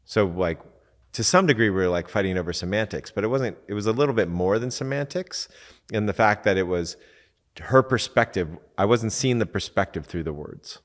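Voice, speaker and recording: A man with a very low voice talks loosely about relationships, the way a coach teaches, using lots of "like" and acting out little quoted conversations. His voice rings with a long reverb tail. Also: a little fast. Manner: conversational, acts out quoted exchanges, many fillers. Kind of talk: casual teaching talk.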